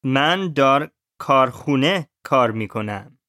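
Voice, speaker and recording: A man's voice: medium pitch, expressive, quick pace, pushed and bright, no echo, clean studio sound. A man acting as the student in a language lesson, carefully repeating words and phrases after the teacher.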